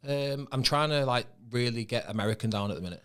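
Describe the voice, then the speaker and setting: A man with a Manchester accent, an actor guest in casual podcast chat, relaxed and swearing now and then, often trailing off mid-sentence. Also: mid-range voice, quick pace, smooth. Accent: Mancunian.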